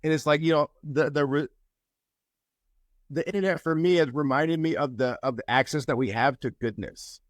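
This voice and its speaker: A man sharing encouragement and telling a story in a casual group call, lively when he quotes people. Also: a little high, moderate pace, no room sound. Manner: storytelling, animated when quoting others. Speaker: mastermind group member.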